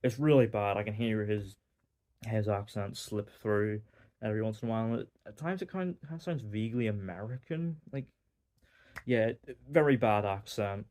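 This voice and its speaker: Speaking at a moderate pace in a fairly low, slightly mellow voice, a young man from Northern Ireland rambles casually through a film review. Fillers and wry asides run throughout.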